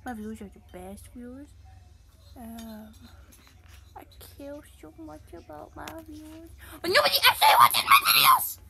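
A woman voicing a silly, boastful young puppy who talks through a game, giddy and bragging, jumping between shouts and whispers. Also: high-pitched, measured pace, vocal fry. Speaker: channel host. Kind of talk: gameplay commentary in character.

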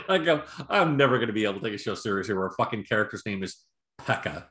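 A podcast co-host with a fairly low voice talks very fast in an echoey room, picked up over a video call. He rambles casually through a review of a show, swearing freely and acting out quotes with animated impressions as he retells it, in a loose movie-review chat.

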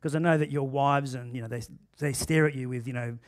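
A man with an Australian accent preaching a sermon in a church, swinging between loud emphatic bursts and quiet asides. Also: medium pitch, fairly even intonation, a little fast. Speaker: pastor. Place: church auditorium.

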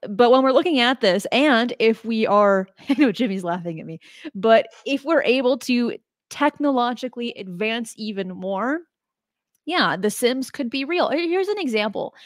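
A woman's voice: on the high side, no echo, studio quality. A woman hosting a casual discussion in a chatty way, laughing between her points. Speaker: podcast host.

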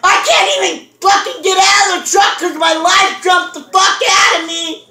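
A very high-pitched, bright-voiced woman tells a story at full volume, cursing and laughing through it. The room around her is echoey. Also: steady tone, moderate pace. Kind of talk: loud profane storytelling. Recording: roomy echo.

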